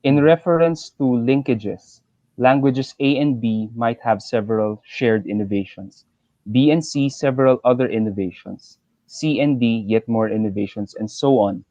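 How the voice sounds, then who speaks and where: A man moderating a session, reading audience questions aloud at a measured pace. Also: mid-range voice, warm tone, no room sound. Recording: dry, dull lo-fi call audio.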